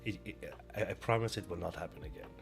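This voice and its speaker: A man's voice: deep voice, creaky, soft background music. A man doing a nervous German engineer. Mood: pleading. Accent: put-on German accent. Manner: halting, apologetic, stammering. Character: anxious German engineer, middle-aged man, timid and pleading.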